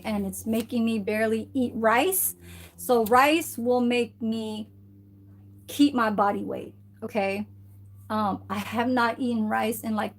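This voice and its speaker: Chatty woman, rambling and swearing. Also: on the high side. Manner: chatty, rambling, swears freely, keeps adding "okay?". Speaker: vlogger. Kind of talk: casual vlog chat. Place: at home, indoors. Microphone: phone camera.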